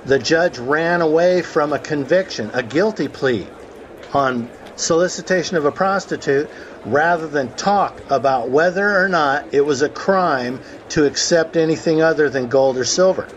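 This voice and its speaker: A man's voice: fairly high pitch, normal speed. Man, story-telling host, conversational, acts out quotes, muffled call audio, faint noise behind. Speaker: host of a call about the law.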